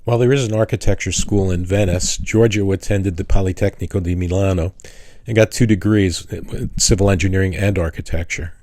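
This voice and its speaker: An older man talks through a class in a low-pitched voice. He wanders through personal stories, pausing and restarting his sentences as he goes. The tone is that of a retired architect sharing memories. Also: steady tone, a little mellow. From New York City. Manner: rambling, halting with restarts and fillers. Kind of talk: casual lecture with personal stories.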